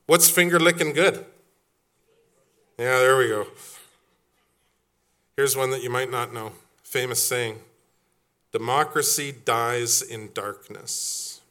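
A man's voice: mid-range voice, a bit bright. A middle-aged man preaching a sermon as pastor, quizzing his congregation and acting out quoted voices. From Canada.

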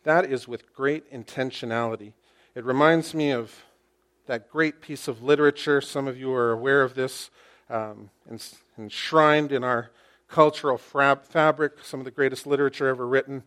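A male pastor preaching a sermon to his congregation. He uses lively storytelling, rhetorical questions and wry humor. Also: medium pitch, moderate pace. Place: church, speaking to a congregation with slides.

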